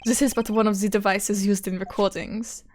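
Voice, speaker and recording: A woman's voice: medium pitch, little pitch movement, moderate pace, a little mellow, a little hiss or hum, close to an everyday voice. Woman doing a smug German rock-star prosecutor. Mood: instructive. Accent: put-on German. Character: suave rock-star male prosecutor, cocky. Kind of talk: reading game dialogue aloud on stream.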